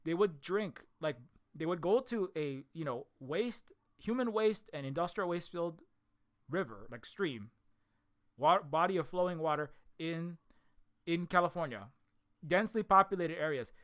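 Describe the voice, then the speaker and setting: A man rants through an opinion commentary in a bright, fairly high voice. He speaks in animated bursts, stumbles over repeated words and restarts, and his tone is scornful and mocking. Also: moderate pace. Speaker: commentary video host.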